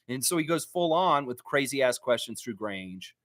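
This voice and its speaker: Ranting man with a bright, sharp voice. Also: on the high side, brisk, hardly any pauses, no room sound, studio quality. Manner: animated, ranting and heated. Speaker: sports fan show host. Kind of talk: casual livestream rant.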